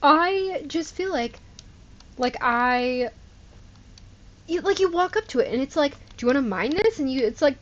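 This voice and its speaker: Woman streamer, casual live gameplay commentary, higher voice, slightly dull sound. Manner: chatty, exasperated, laughing disbelief.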